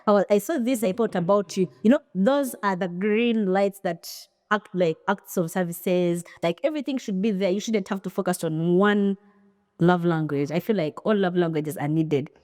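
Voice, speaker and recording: Brief: woman podcast co-host, lower-pitched voice, dry close sound, opinionated and animated. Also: moderate pace, no room sound. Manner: opinionated, animated, acts out quoted lines. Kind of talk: casual podcast chat.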